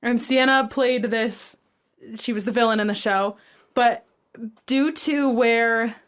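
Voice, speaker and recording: A woman's voice: fairly high pitch, steady tone, slow pace, fairly bright tone, clear, resonant tone. A young woman co-hosting a podcast, telling a rambling story full of "like" fillers in a casual chat. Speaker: podcast co-host.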